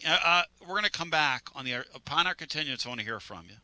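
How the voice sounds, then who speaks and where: A man's voice: on the high side, lively intonation, fast, few pauses, pushed and bright, no echo. A man hosting sports talk radio in a studio, rambling and joking.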